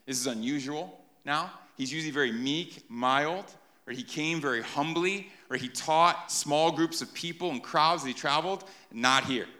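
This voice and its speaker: Guy preaching a lively sermon, highish voice, bright and forceful. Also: normal speed. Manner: animated, keeps checking in with "right?". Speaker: pastor. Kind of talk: sermon to a live congregation.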